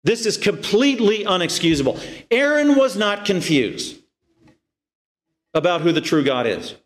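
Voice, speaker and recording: A male pastor delivering an expository sermon, his voice sitting a little higher than most men's. He talks with animated energy and fires off incredulous rhetorical questions. When he reads scripture, he slows right down and stresses each phrase. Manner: reads scripture slowly and emphatically.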